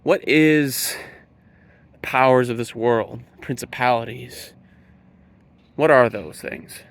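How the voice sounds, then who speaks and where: Gravelly man preaching earnestly. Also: mid-range voice. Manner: slow, emphatic, stresses key words. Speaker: Christian speaker.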